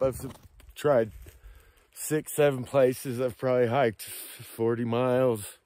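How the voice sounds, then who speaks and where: Halting, slow-talking outdoorsman vlogging a hike. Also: medium pitch, steady tone, darkish tone, dry recording. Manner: rambling, halting with fillers. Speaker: outdoor vlogger hunting moose antler sheds. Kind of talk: casual hiking vlog to camera. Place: outdoors on a forested slope.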